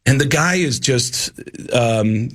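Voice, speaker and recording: A comedian guest in a radio studio, telling stories in a lively way and acting out the voices of the people in them. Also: male voice, mid-range voice, slow. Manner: storytelling, animated, acts out quoted voices. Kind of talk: casual radio studio chat.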